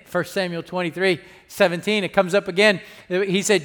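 A male pastor preaching a sermon with call-and-response asides, moving between hushed and loud delivery. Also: high-pitched, fairly even intonation, normal speed, hardly any pauses, in a large hall.

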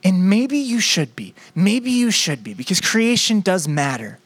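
A man preaching a sermon in a conversational, playful way, moving between quick asides and slow, emphatic phrases. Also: high voice, big pitch swings, a bit bright, slightly rough, no room sound. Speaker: pastor.

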